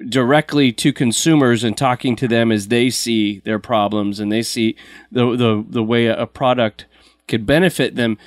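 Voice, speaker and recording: A man's voice: medium pitch, dry recording, clean studio sound. A man hosting a podcast interview in a conversational way, backing up to explain. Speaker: podcast host. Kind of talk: casual interview chat.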